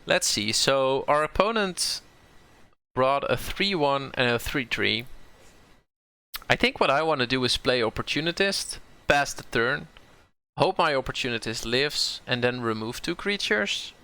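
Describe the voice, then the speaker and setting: A man's voice: medium pitch, animated, unhurried, bright, forceful tone, smooth. A man from the southern Netherlands with a Dutch accent, thinking aloud as he plays and streams a card game, often repeating words as he corrects himself.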